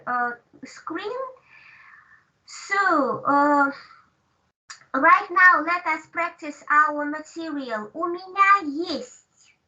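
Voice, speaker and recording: Woman teacher on a video call, super slow and patient, lots of uhs, sounds far off and muffled. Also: high voice, sharp tone. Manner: slow, patient, many hesitations. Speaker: language teacher. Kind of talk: online language lesson. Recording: distant dull call audio.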